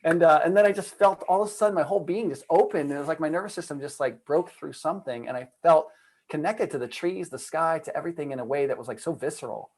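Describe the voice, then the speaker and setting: A man, a guest on a video call, telling a personal story in a lively, casual way full of "like" and acted-out quotes. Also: on the high side, fast talker, low-quality recording. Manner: animated storyteller, acts out quoted voices, many "like" fillers. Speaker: guest, trauma and addiction coach. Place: home room at a computer.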